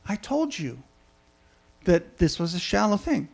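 A patient preacher, as a man plays him, calmly lectures in a high-set voice. His tone is measured and corrective. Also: creaky, heavily acted.

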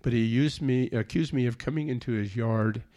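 A man's voice: medium pitch, moderate pace, dark tone. A man telling a personal testimony in an earnest, plainspoken storytelling way. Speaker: speaker giving a personal testimony.

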